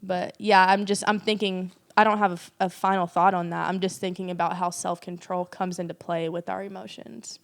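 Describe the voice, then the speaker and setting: A woman's voice: on the low side, little pitch movement, a little fast, gravelly, few pauses. Woman thinking aloud on a podcast. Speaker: podcast co-host. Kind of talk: faith podcast conversation.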